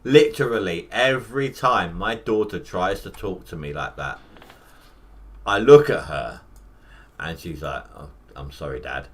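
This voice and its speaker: A man's voice: deep voice, expressive, breathy edge. Rambling man in his thirties. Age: 30s. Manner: rambling, self-mocking, quick asides. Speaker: gaming livestreamer. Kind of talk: casual live gameplay commentary.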